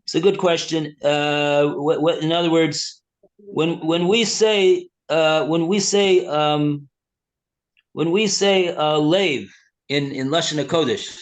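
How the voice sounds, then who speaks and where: A male rabbi teaching a text class. He reads passages aloud and translates them in a halting way, with many fillers and restarts. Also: fairly high pitch. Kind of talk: slow text study, reading and translating.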